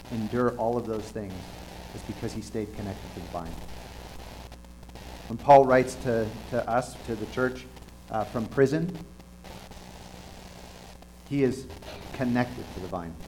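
A man preaching a conversational sermon in an earnest, halting way, often restarting his sentences. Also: on the low side, mellow, a little hiss or hum, low-quality recording.

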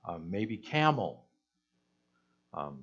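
Slow-talking man preaching a sermon. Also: sits low, sing-song, a bit bright, muffled recording. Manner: conversational, asks the listeners questions, acts out quoted voices.

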